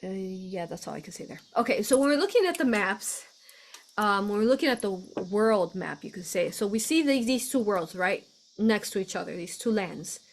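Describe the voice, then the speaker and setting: A woman's voice: medium pitch, lively intonation, normal speed. A woman from the United States hosting a spiritual live stream, talking casually and effusively with frequent laughs and fillers. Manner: chatty, effusive, laughs often, many fillers. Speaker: host of a spiritual live show.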